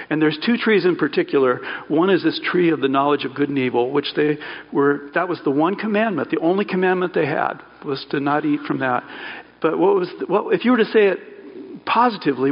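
A man's voice: fairly high pitch, fairly quick. A man preaching a sermon in a loose, conversational way, correcting himself mid-sentence and adding asides. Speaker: pastor. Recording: dull sound with long hall reverb.

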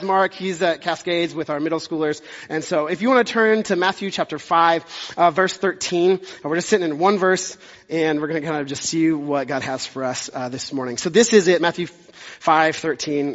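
A man's voice: a little high, moderate pace, a bit bright. A young man, a pastor preaching a conversational, self-deprecating sermon with jokey asides. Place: church sanctuary. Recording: dull sound with long hall reverb.

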